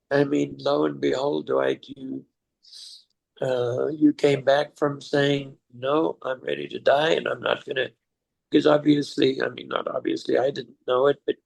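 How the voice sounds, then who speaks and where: Gravelly older man telling a story. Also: medium pitch, a little mellow. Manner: reflective, chokes up and laughs through tears. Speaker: father sharing life lessons. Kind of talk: emotional storytelling to his son.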